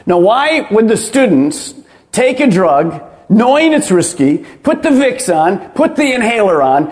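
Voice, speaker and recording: A man's voice: sits high, sing-song, takes it slowly. A man, a pastor, preaching a sermon with emphatic rhetorical questions.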